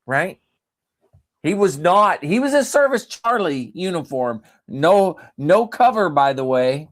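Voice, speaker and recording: A man's voice: sits high, slow pace. A male podcast host chatting casually and telling stories, laughing often as he talks. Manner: animated storyteller who laughs often. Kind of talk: casual chat and storytelling.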